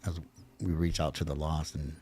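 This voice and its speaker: A man's voice: rumbling low, level tone, moderate pace, a little mellow, breathy edge. A man who works in recovery, sharing fervently in a video-call meeting, in a preacher-like way about prayer. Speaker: recovery worker and meeting regular. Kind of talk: spiritual sharing in a support meeting.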